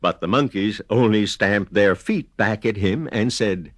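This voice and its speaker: A man reading a children's picture book aloud, slow and deliberate with a sing-song repetition. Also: lowish voice, dry recording, studio quality. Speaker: storyteller. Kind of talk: children's storybook narration.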